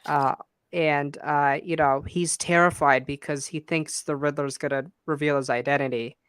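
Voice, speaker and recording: A man with a smooth, resonant voice, pitched a little higher than most, chatting about a film in a relaxed back-and-forth. The sound is dry and close. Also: normal speed, no echo. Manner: relaxed, conversational, asks questions. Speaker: podcast co-host. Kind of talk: casual movie review chat.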